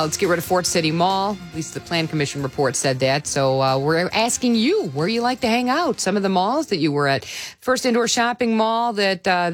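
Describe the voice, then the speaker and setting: A woman with a Chicago accent hosting a radio show, chatting casually and reading out listener texts in a studio. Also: mid-range voice. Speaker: radio host. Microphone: studio mic.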